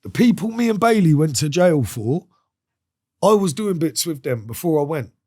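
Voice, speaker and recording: A man's voice: a little high, big pitch swings, moderate pace, darkish tone. A man, a podcast guest telling a story in a casual interview. He talks in a streetwise way, swears freely and acts out the voices of the people he quotes.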